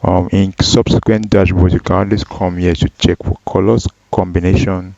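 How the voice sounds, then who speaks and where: A man teaching a data analysis tutorial, walking through each step slowly with frequent ums and self-corrections. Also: low voice, level tone, creaky, darkish tone. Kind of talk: screen-recorded software tutorial. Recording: dull, dry lo-fi voice track.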